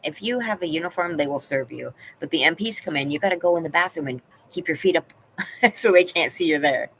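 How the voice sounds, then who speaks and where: A woman's voice: deep voice, a little fast, fairly bright tone, a little hiss or hum, poor audio. A woman hosting a live stream from home, chatting casually and answering her viewers by name. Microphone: laptop.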